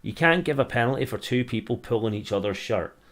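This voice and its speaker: A man's voice: medium pitch, animated, a bit bright. Grumbling Scottish man calling a match. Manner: grumbling, mixes complaints with quick play-by-play. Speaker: watch-along streamer. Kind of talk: casual live match commentary.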